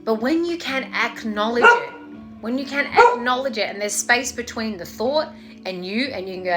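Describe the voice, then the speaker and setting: A woman's voice: a little high, animated, normal speed, sharp tone, soft background music. A woman meditation teacher in a casual, playful talk, swearing freely and acting out voices before guiding a meditation.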